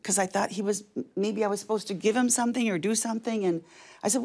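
Older woman with a gravelly voice, telling a story with animation. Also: medium pitch, quick pace. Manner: animated, lively storyteller who laughs between lines. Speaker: guest. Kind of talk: casual storytelling.

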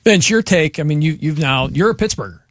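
A man's voice: on the high side, lively intonation, fairly quick, dry recording, clean studio sound. A man hosting a sports talk radio show, upbeat as he tells stories and wraps up segments. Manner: upbeat anchor, smooth show wrap-up. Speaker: radio host.

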